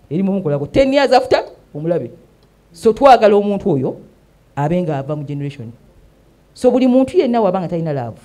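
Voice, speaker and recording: A middle-aged woman with a Ugandan accent holds forth as a talk show host. She talks fast, and her pitch leaps up and down. She keeps checking in with her listeners with a quick "eh?". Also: mellow. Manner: emphatic, mixes English and Luganda, asks "eh?" often. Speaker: host and mentor. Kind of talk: animated talk show monologue.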